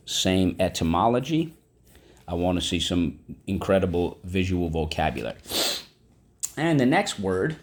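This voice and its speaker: A man teaching a vocabulary lesson, spelling words out and checking in often with the class. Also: low voice. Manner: animated, spells words aloud and checks in with "okay? right?".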